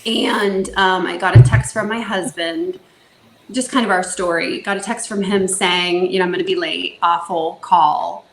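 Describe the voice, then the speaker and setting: Guest, woman, 40s, from Northern California; earnest, halting storyteller, roomy echo, faint background. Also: on the low side, a little hiss or hum. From Northern California, USA. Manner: earnest storytelling, many fillers and restarts. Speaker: foster parent guest. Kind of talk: casual podcast interview.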